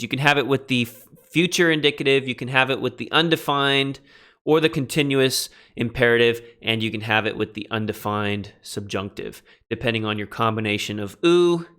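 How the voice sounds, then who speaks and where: A man's voice: mid-range voice, sharp tone, clean tone. A man teaching a biblical Greek class in a casual lecture, thinking aloud and correcting himself as he stresses key phrases.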